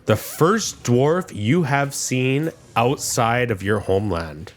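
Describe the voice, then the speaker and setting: A man's voice: medium pitch, big pitch swings, slow pace. A man narrating a tabletop game as game master in a playful way, laughing often.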